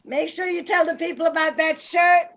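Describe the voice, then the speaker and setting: A woman hosting a live video chat in a lively, playful, teasing way. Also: very high voice, normal speed, gravelly. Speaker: host. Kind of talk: casual live-stream chat. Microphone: video call. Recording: dull lo-fi audio.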